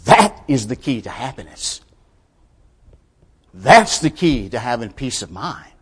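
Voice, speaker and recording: A male preacher delivering a sermon with rhetorical questions, shifting between quiet, measured lines and forceful emphasis. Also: mid-range voice, sing-song, heavy background noise.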